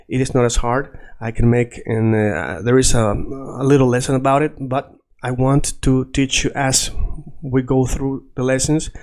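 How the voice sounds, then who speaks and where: Teacher guy, goes slow and repeats stuff, regular mid voice. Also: mid-range voice, a little mellow. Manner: patient, repeats words slowly for learners. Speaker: Spanish teacher. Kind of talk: language lesson.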